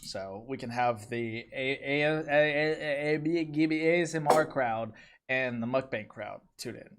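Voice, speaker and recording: A man hosting a casual live stream, reading viewer comments aloud in a relaxed way. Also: medium pitch, normal speed, very noisy. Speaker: stream host reading chat.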